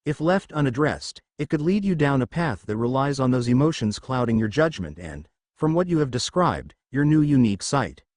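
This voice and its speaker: A man voicing a calm, soothing middle-aged male doctor with a confident, measured manner in a storybook reading. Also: mid-range voice, dry recording, studio quality, lightly acted.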